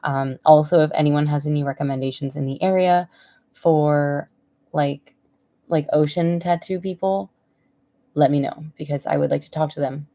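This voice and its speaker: A woman's voice: sits low, steady tone, normal speed, dark tone. A woman in her thirties chatting casually on a live stream from home, rambling and emotional, laughing often. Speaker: vlogger.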